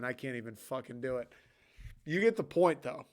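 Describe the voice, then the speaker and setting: A man's voice: medium pitch, normal speed. A young man from Michigan hosting a solo podcast, rambling in an offhand, casual way and swearing freely. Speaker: podcast host.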